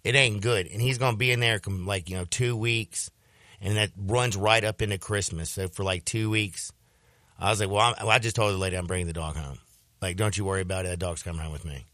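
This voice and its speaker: A man hosting a sports radio show, telling a story in a casual, animated way and slipping into voices when he quotes people. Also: low-pitched, fairly quick, dry recording, clean studio sound.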